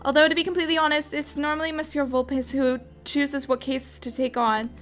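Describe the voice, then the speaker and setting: Woman voicing a jittery male mouse assistant, squeaky and high, bright sound, stumbles over names. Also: little pitch movement, brisk, faint music behind. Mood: apologetic.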